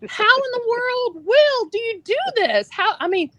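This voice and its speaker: A Southern woman from Virginia co-hosts a podcast in a high, bright voice. She sounds bubbly and teasing and exclaims her questions. The sound is close and dry, with no room echo at all. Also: expressive, a little slow. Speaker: podcast co-host. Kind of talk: casual podcast interview.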